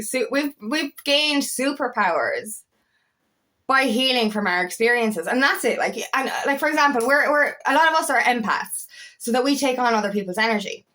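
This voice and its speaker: A young woman, a coach talking excitedly and rambling, swearing freely as she speaks to camera. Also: fairly high pitch. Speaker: empowerment coach. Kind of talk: casual talking-to-camera monologue.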